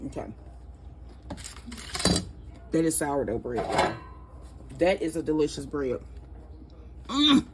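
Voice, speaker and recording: A woman's voice: deep voice, slow, pauses often, background noise. A woman hosting her own cooking vlog from a home kitchen. She talks chattily, gasps with delight and keeps tasting as she goes. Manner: chatty, excitable, gasping with delight, often tasting while talking. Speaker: cooking channel host.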